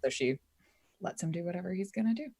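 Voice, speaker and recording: A woman's voice: on the low side, lively intonation, quick pace, warm tone, slightly rough. A woman playing a tabletop game, thinking aloud hesitantly with many fillers. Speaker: player. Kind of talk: casual tabletop play.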